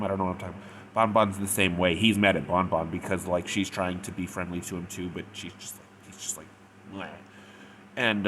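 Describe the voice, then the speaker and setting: Man, low voice, casual rambling review, lots of filler words, faint background hum. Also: a bit bright. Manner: rambling retelling, full of "like" and "or whatever". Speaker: fanfic reviewer.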